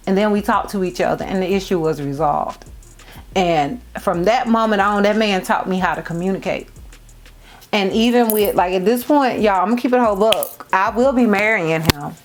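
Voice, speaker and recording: A woman in her thirties telling viewers a personal story while getting ready, heartfelt and repeating phrases for emphasis. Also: mid-range voice. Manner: addresses viewers as y'all and girl. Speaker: beauty vlogger. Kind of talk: casual storytime chat.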